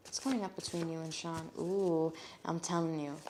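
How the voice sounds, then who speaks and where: A woman's voice: low-pitched, moderate pace, a little hiss or hum. A woman giving a live tarot reading, talking in a casual, blunt way and swearing freely. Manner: reads card messages aloud in a steady voice. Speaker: tarot reader.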